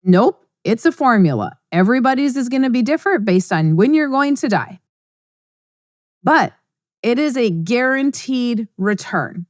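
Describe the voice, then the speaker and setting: A woman's voice: on the high side, animated, a little slow, no echo, clean studio sound. A middle-aged woman hosting a podcast, talking in a blunt, emphatic, conversational monologue. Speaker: podcast host. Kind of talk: casual monologue.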